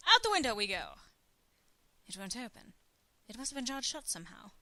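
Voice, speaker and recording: A rambling English gentleman thief from a video game, put on by a woman, dry and self-mocking. His put-on English accent wavers, his voice sits high and bright, and his pitch swings widely as he jokes his way through the house. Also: very animated, a little fast, heavily acted.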